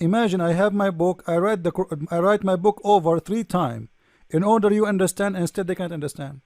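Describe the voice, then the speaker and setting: Male host, high voice, dry close sound, sarcastic and mocking, frequent restarts. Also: darkish tone, no echo. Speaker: debate show host. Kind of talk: polemical commentary reading from a screen.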